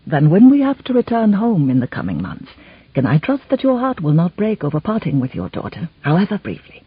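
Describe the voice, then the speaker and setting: A woman voicing an older lord and gentle stepfather, with measured, old-fashioned speech, in a slightly muffled recording. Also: lowish voice, wildly swooping pitch, husky, dry recording, heavily acted.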